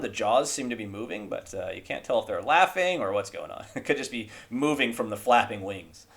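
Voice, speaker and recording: A man's voice: mid-range voice, expressive, brisk, creaky, hardly any pauses, fairly bright tone. A man running a tabletop game as game master, talking casually and rattling through rules text.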